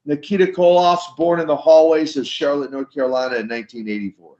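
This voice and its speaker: A man's voice: a little high, fast talker. An older man, a former wrestler turned minister, telling stories in an interview and acting out the dialogue as he goes. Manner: animated storyteller acting out dialogue. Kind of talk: storytelling interview. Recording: slightly dull lo-fi sound.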